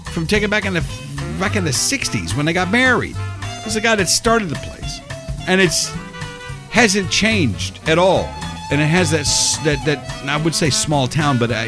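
A man hosting a casual radio show in a studio, rambling and correcting himself as he tells stories. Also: fairly high pitch. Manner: rambling, chatty, self-correcting storyteller. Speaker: radio host.

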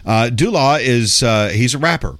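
A man's voice: mid-range voice, animated, moderate pace, fairly bright tone, no room sound. A man hosting a radio show, chatting loosely and reading ads in a rambling, chummy way with slang asides. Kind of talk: casual radio chat and ad reads.

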